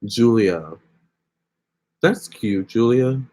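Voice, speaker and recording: A man's voice: lowish voice, expressive, drawn-out words, a little mellow. A young man hosting a casual phone livestream, chatting with viewers and reading their comments aloud. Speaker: livestream host.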